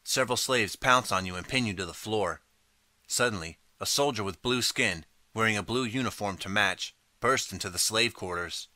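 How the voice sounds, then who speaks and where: A man reading a choose-your-path storybook aloud in the second person, steady and clear. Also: fairly low pitch, moderate pace, dry recording. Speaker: audiobook narrator.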